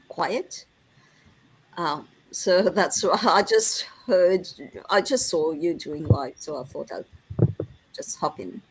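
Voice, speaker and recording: A woman's voice: lowish voice, breathy edge. A woman with an Australian Melbourne accent joining a casual audio chat, greeting everyone in a friendly, chatty way. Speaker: social audio room participant.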